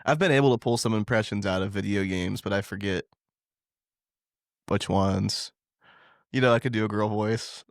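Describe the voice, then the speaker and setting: A man's voice: lowish voice, moderate pace, gravelly, long pauses, no room sound, studio quality. A young man co-hosting a casual podcast, joking and telling stories with energy. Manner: joking, animated storyteller. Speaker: podcast co-host.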